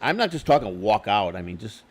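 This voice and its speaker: A middle-aged man telling stories in a candid interview, swearing freely, repeating and restarting his words, and getting louder when he retells arguments. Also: lowish voice, very animated, fairly quick, a crowd in the background. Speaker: interview guest. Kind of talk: candid conversational storytelling.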